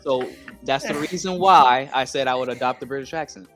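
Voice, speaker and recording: A man's voice: medium pitch, a little fast, loud music behind the voice. A man chatting on a podcast as a guest, talking in a hesitant, blunt way with many restarts. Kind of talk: casual chat.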